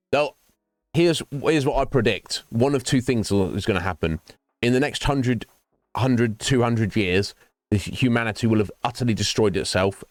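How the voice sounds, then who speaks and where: A man's voice: lowish voice, no echo. A man chatting casually with viewers during a game stream, rambling from topic to topic. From United Kingdom. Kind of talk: casual chat while gaming.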